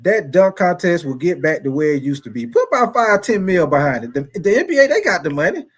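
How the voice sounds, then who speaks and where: A man's voice: high-pitched, very animated, brisk, husky. A man hosting a casual sports talk livestream, chatty and repetitive, calling out viewers from the chat by name. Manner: chatty, repeats phrases, talks straight to chat viewers by name; playful mock-preacher asides.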